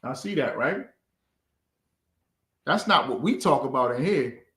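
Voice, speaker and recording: Male scripture teacher preaching to a class, forceful and repetitive, animated pitch, echoey room. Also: measured pace. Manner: forceful, repeats phrases for emphasis.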